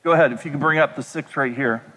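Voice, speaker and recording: A pastor delivering a sermon in a conversational way, throwing rhetorical questions at the congregation. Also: male voice, mid-range voice, fast talker, bright, forceful tone. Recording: echoey hall reverb.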